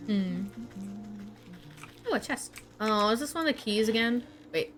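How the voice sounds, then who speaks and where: A woman's voice: a little high, expressive, a little slow, fairly bright tone, faint music behind. A woman streamer chatting casually as she plays a game, thinking aloud in an amused, chatty way.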